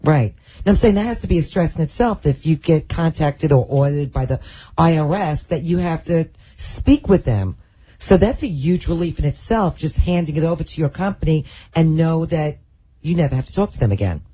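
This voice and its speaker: Female co-host on radio, mellow husky voice, slightly dull sound, agreeable. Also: low voice, expressive, normal speed, slight background noise. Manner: agreeable, affirming. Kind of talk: radio talk show.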